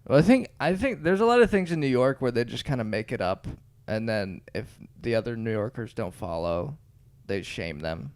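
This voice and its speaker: A man co-hosting a podcast in casual chat, rambling and laughing often, his voice trailing off quietly. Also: medium pitch, animated, normal speed, few pauses. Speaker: podcast co-host.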